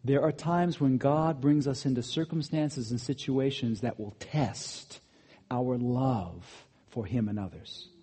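A man preaching a sermon, animated, rising to emphatic peaks and dropping to quiet asides. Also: mid-range voice, measured pace, slightly rough. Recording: long hall reverb.

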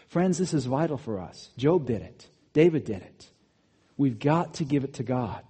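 A man preaching a sermon, animated, rising to emphatic peaks and dropping to quiet asides. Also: medium pitch, normal speed, slightly rough. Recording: long hall reverb.

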